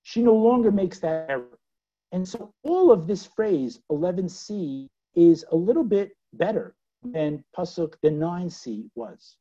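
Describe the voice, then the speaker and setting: A woman teaching a scripture lesson in a dramatic way, asking her listeners questions and swinging from loud to hushed. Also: fairly low pitch, very animated, measured pace, husky. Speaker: Bible teacher. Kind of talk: expressive scripture lecture. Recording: dull lo-fi recording.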